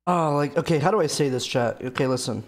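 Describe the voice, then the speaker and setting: A man's voice: on the high side, quick pace. A man streaming live and chatting with his viewers, rambling and venting with lots of fillers and swearing. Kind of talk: casual chat to stream viewers.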